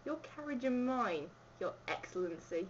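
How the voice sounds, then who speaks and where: A woman's voice: fairly high pitch, animated, moderate pace, slight background noise, lightly acted. A woman reading a flustered, fawning male town mayor in a put-on Cockney accent, on a dull lo-fi home video.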